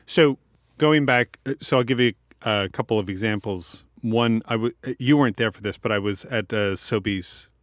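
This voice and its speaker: A man's voice: on the low side, moderate pace, no room sound, clean studio sound. A Canadian man co-hosting a podcast, telling personal stories with a stutter and repeated sounds from Tourette's, acting out the people in them. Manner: animated, acts out voices in stories. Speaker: podcast co-host. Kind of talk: personal storytelling in casual chat.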